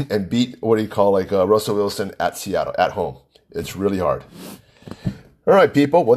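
A man's voice: medium pitch, a little mellow. A man hosting his own podcast, arguing emphatically and repeating himself, with rambling fillers. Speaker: podcast host. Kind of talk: solo sports podcast rant.

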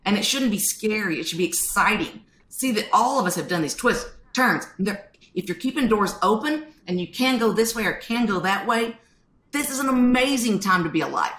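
A woman, a podcast guest telling stories in an animated way and acting out quotes. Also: mid-range voice, moderate pace, echoey room. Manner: animated storytelling, acts out quotes. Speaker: guest author. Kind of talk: podcast interview.

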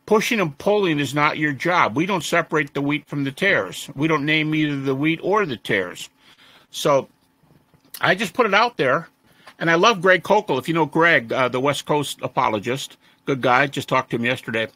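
A man being interviewed as a scholar, telling stories in a lively conversational way and mimicking the people he quotes. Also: on the high side, moderate pace, no echo. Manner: animated, mimics the voices of students he quotes. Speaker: interview guest, resurrection scholar. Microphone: audio-only interview recording.

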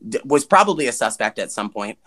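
A man's voice: medium pitch, sing-song, fast, fairly bright tone. A man co-hosting a podcast, recapping a movie in casual chat, joking and swearing, and acting out the characters' lines. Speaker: podcast co-host.

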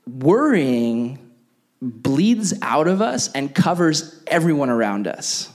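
A young adult man preaching a sermon as pastor, animated and acting out the voices he quotes. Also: mid-range voice, slow.

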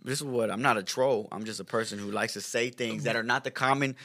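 Brief: quick-talking man, blunt and sarcastic podcast guest, gravelly low voice. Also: sharp tone, no room sound. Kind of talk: casual podcast chat.

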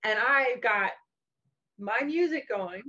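A mother co-hosting a casual spiritual talk, telling lively stories full of fillers and casual swearing. Her voice sits a little high for a woman. The recording has a dull, lo-fi sound. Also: slow pace.

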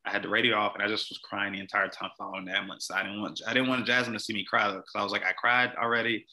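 A man's voice: fairly low pitch, little pitch movement, rapid-fire, sharp tone, poor audio. A young man, a podcast guest, telling a personal story in a casual, rambling, earnest way, with a lot of "like". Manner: rambling, heavy use of "like", earnest.

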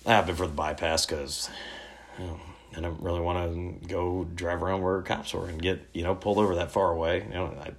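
Man, deep voice, thirties, laid-back rambling storyteller, swears a lot. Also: flat delivery, brisk. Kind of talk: casual storytelling.

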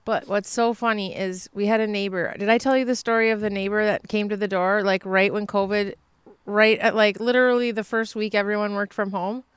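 A woman's voice: medium pitch, fairly quick, smooth, dry recording. A woman co-hosting a podcast, telling an exasperated story in a casual chat and acting out the people in it. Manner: animated, exasperated storytelling with acted-out quotes. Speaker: podcast co-host.

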